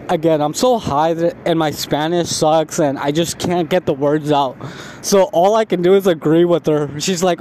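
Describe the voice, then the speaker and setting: A man's voice: on the high side, steady tone, moderate pace, darkish tone, a little hiss or hum. A young man telling a rambling, profane story about himself in a casual vlog, laughing at himself.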